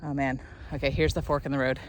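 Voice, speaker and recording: Her voice is extremely low with little pitch movement, and she speaks at a quick pace over slight background noise. She's a young vlogger chatting casually on an outdoor hiking trail, upbeat and rambling, a bit out of breath from carrying a load.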